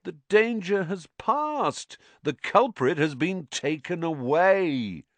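A man's voice: sits high, big pitch swings, a bit bright, no room sound, pitched above the performer's own voice, heavily acted. A man doing a pompous, smug male teacher. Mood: smug, patronizing. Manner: slow, condescending, overly cheerful. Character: pompous, self-satisfied adult male teacher. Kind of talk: audiobook character voice.

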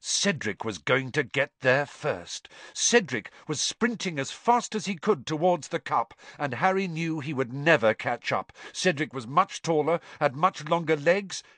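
Brief: male storyteller, animated dramatic reading, very lively pitch, dry close-miked sound. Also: a little slow, hardly any pauses, no room sound. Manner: expressive, rises with the action. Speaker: audiobook narrator.

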